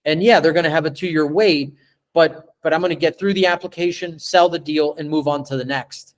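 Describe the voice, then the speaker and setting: A man running a live sales training on a video call, animated, stretching and repeating words as he acts out pitches to a client. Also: fairly quick.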